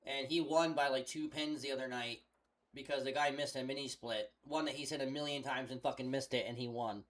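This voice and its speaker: A man's voice: medium pitch, fairly even intonation, fairly quick, a bit bright. Rambling, cursing young man on a headset. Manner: rambling, profane storytelling. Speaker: streamer. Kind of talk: casual chat.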